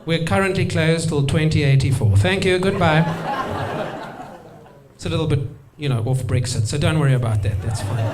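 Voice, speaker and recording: A man's voice: a little high, noisy background. A man performing a stand-up comedy set on stage, chatting with the crowd and slipping into put-on accents.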